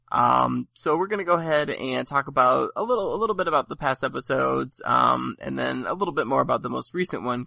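A male podcast host with a gravelly, bright tone chats casually, rambling through plenty of ums and uhs. His voice sounds close and dry, with no room around it. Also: medium pitch, no echo. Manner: rambling, filler-heavy, laughs easily. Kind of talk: casual chat.

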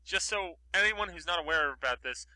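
A man's voice: high voice, animated, fairly quick, bright, forceful tone, rough recording. A man co-hosting a podcast in casual chat, rambling with lots of fillers. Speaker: podcast co-host.

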